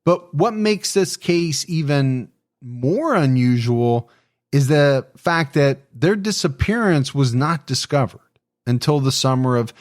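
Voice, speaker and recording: A man hosting a true crime podcast in a relaxed, easygoing chat with his co-host. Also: mid-range voice, takes it slowly. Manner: relaxed, easygoing, laughs often.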